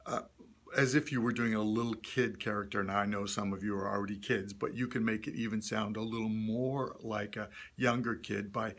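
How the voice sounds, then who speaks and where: A man's voice: fairly low pitch, steady tone, fairly quick, a bit bright. A man teaching puppet character voices to a group, demonstrating sounds and cheering learners on. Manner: encouraging, demonstrates voices then asks learners to try. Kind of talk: instructional talk to a group.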